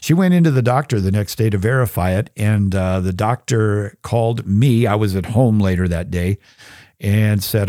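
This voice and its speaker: A middle-aged man hosting a faith podcast, reflecting on Bible verses in an earnest, conversational way and reading Scripture slowly. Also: fairly low pitch, dry recording, studio quality. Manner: gets choked up and soft when sharing personal grief. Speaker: podcast host. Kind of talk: reflective Bible teaching talk.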